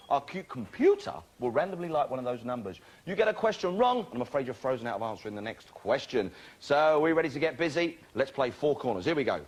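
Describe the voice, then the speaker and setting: A man hosting a live television game show, bantering cheekily with contestants in a studio with an audience. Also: on the high side. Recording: loud studio audience and noise.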